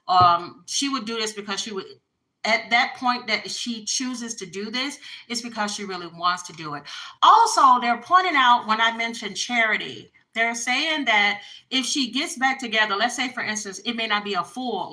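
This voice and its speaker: Chatty woman, bright voice, blunt casual tarot reader. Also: fairly high pitch, animated, measured pace, rough recording. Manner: chatty, blunt, frequent fillers. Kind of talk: casual tarot reading to viewers.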